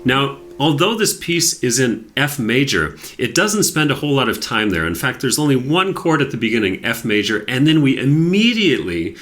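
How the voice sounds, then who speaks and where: A man's voice: mid-range voice, sing-song, normal speed, hardly any pauses, fairly bright tone. A man teaching a piano tutorial, explaining with enthusiasm and demonstrating at the piano. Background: piano playing.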